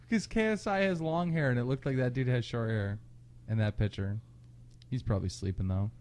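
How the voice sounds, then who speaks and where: A man co-hosting a casual podcast, a bit tipsy, loud and laughing, telling stories with crude language. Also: mid-range voice, brisk. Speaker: podcast co-host. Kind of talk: casual drunk podcast chat.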